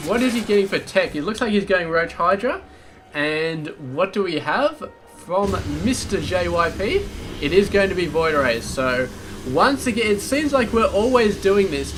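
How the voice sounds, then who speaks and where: A man's voice: sits high, noisy background. A man casting a strategy game match solo, in a casual, chatty way with rambling asides. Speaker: game caster. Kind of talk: solo esports commentary.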